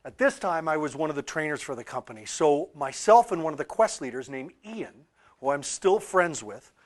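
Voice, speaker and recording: A man telling a story in a talk about archetypes, animated, with loud peaks and quiet asides. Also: fairly high pitch. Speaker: author and speaker on archetypes.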